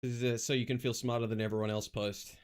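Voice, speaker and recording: A man's voice: medium pitch, little pitch movement, fast, clean tone. A man chatting casually on a live stream, blunt and sarcastic, with casual swearing.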